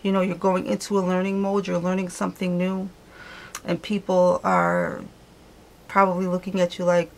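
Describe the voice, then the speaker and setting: A woman's voice: on the low side, moderate pace. A woman giving a casual tarot reading to her viewers, chatty and thinking aloud as she goes, often correcting herself. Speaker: tarot reader.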